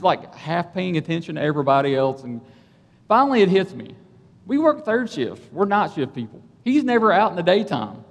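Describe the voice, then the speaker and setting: A man telling a personal story in a sermon, animated and conversational, often checking in with his listeners. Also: high-pitched, fairly quick, long reverb tail. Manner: animated, conversational, keeps asking "right?". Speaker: police officer and church speaker.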